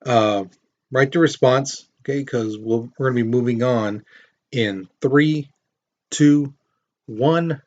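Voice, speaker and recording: A man's voice: mid-range voice, takes it slowly. Male teacher, mid-range voice, chatty lecture that acts out the story; slightly dull recording. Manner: storytelling with acted-out quotes and questions to students. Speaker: history teacher. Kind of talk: casual classroom lecture.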